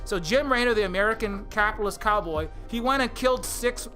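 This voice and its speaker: High-voiced man ranting with music behind. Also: a little fast, pushed and bright. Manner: heated, sarcastic, full of restarts and mocking impressions. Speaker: streamer. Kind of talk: rambling political rant on a live stream.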